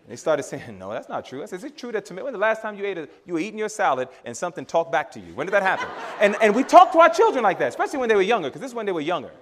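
Lively, high-voiced male preacher. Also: racing, hardly any pauses. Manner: animated, laughing, acts out dialogue with his children; addresses audience as brothers and sisters. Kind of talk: sermon.

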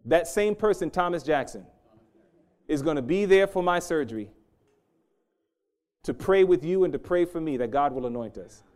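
A middle-aged man preaching a sermon, swinging from loud emphasis to hushed, intense storytelling. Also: fairly high pitch, expressive, moderate pace, pauses often.

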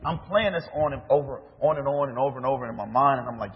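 A man's voice: mid-range voice, fairly quick. A man, a minister, preaching a sermon, telling a story with acted-out dialogue and rhetorical questions. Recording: dull echoey hall recording.

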